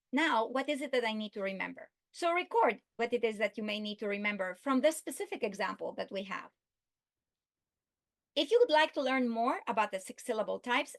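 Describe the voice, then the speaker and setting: A woman giving an instructional video lesson, speaking slowly and deliberately and stretching out her example words. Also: fairly high pitch, fairly bright tone. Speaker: literacy instructor.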